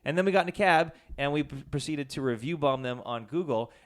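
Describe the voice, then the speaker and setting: A Canadian podcast co-host with a fairly high voice talks briskly in a casual chat. He tells rambling stories, swears freely, and acts out the people he quotes.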